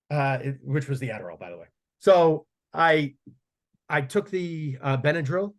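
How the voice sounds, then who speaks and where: A man talks casually as a guest on a podcast, rambling through stories and swearing freely. He restarts his sentences often, at an average pitch for a man. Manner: profane, rambling storytelling with frequent restarts. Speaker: strength coach guest.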